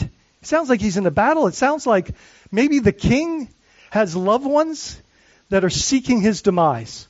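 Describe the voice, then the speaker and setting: Man, pastor preaching, high-pitched voice, earnest, repeats and restarts, dull dry recording. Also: sing-song, measured pace, no echo. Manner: earnest preaching with frequent restarts and call-and-response questions. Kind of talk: sermon.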